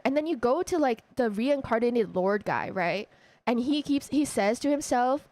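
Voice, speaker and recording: A woman streamer casually retelling a story to her viewers, animated and emotional, often laughing. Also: a little high, normal speed, slight background noise.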